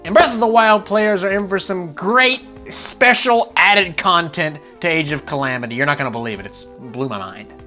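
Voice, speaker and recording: A man hosting a gaming channel, ranting about game news with swearing and laughter, jumping from loud outbursts to low mutters. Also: normal speed, few pauses, soft background music. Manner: animated, profane, laughing, swings between loud outbursts and mutters.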